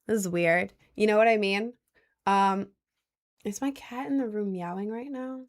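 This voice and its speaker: A woman's voice: mid-range voice, normal speed. A young woman livestreaming from home, chatting casually and answering viewer messages, rambling with lots of fillers. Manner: rambling with many likes and I don't knows.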